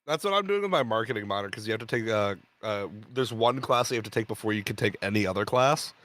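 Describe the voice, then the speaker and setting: A man's voice: on the low side, expressive, fast, a bit bright. A young man, a guest creator, chatting casually and rambling with lots of fillers. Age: young adult. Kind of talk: casual chat.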